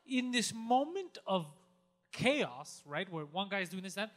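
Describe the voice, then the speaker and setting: A man's voice: high-pitched, big pitch swings, unhurried, fairly bright tone. A man co-hosting a podcast, retelling a friend's story with crude humor and swearing. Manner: retells stories with acted quotes, swearing. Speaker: podcast co-host. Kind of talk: casual comedic storytelling.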